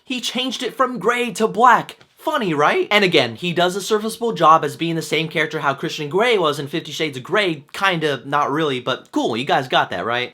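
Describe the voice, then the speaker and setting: A man's voice: high voice, bright, forceful tone. A young man giving an exasperated, sarcastic, profanity-laced movie review rant. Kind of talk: ranting film review.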